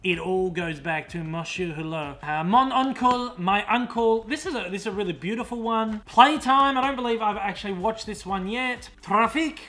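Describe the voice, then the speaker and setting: A man's voice: high-pitched, normal speed, hardly any pauses, a bit bright. A young adult man with an Australian accent, chatting casually and enthusiastically as a vlogger showing off his collection. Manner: enthusiastic, gushing, self-deprecating. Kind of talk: casual chat.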